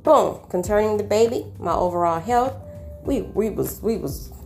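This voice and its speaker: A woman sharing a personal faith testimony, animated and preachy, full of amens and call-outs to her listeners. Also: medium pitch, normal speed, faint music behind.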